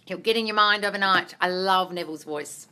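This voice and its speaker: Brisk and clean-toned yet sharp, a mid-range female voice belongs to a manifestation coach chatting on a phone livestream Q&A. She reads comments out loud and answers them bluntly, swearing freely and addressing viewers as darling.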